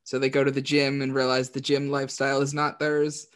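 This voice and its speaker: A man chatting casually as a podcast co-host, laughing as he retells scenes in quick quoted voices. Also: medium pitch, completely flat delivery, a bit bright. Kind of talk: casual chat.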